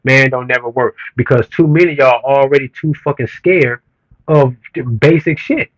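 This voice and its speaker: A man talks straight into his stream at an ordinary middle pitch, swearing freely as his rant heats up. The sound is dry and close, with no room echo. He comes across blunt and worked up as he addresses his chat. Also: moderate pace. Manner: profane, blunt, heated rant with rising emphasis. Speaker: streamer reading comments. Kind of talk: casual livestream rant.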